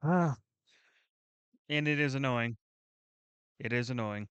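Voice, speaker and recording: A man hosting a reaction video, chatting casually in a rambling, excitable way and swearing freely. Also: mid-range voice, a little slow, clear, resonant tone, no echo, muffled recording.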